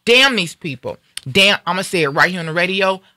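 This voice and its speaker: This is a woman ranting on a talk radio show, angry, emphatic and defiant. Her voice is bright and sharp. The sound is dry and close. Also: lowish voice, lively intonation, a little fast, dry recording. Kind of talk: heated talk radio rant.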